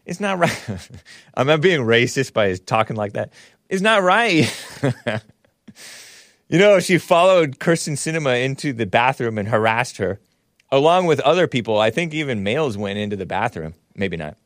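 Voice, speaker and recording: A male talk show host reads and mocks posts in a sarcastic, chuckling way. His pitch jumps around a lot, and the sound is dry and close. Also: lively intonation, moderate pace, no room sound. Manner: sarcastic, mocking, laughs often. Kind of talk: casual commentary.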